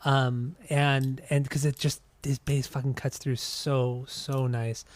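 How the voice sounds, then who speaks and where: A man's voice: medium pitch, flat delivery, slow pace, no room sound. A young man co-hosting a podcast, talking casually about an album with many restarts and casual swearing. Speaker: podcast co-host. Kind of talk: casual music review chat.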